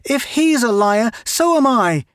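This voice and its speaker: A man doing a high-voiced emotional young girl. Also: animated, moderate pace, a little mellow, no echo, studio quality. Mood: indignant. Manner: breathless and high-pitched.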